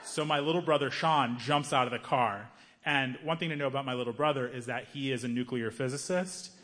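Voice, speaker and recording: A man performing stand-up comedy, telling a story in an animated, laughing way and acting out each character. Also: medium pitch, a little fast.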